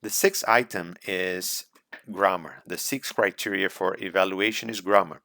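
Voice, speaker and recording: A low-voiced man with a gravelly edge teaches students for a speaking exam, recorded close in a dry room. He talks deliberately, repeating his main points as he coaches. English is not his first language. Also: pushed and bright, no room sound. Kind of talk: recorded slideshow lecture.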